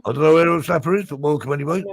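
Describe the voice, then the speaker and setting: A gravelly, slightly high-voiced man hosts a relaxed live stream. He chats and jokes, reading out viewer names as they join. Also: racing, no echo. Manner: chatty, jokey, greets viewers by name. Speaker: livestream host. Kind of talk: casual live-stream chat.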